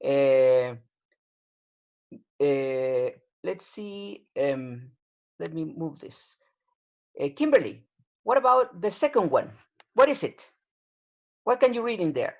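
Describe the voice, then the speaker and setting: A woman's voice: sits low, sing-song, takes it slowly, pauses often, muffled recording. A woman teaching an English class over a video call, explaining patiently with plenty of fillers.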